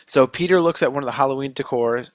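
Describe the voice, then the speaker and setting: A man's voice: mid-range voice, no echo. Young man recapping a film, dry close mic. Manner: retells scenes with quick quoted voices. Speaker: podcast co-host. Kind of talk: casual recap.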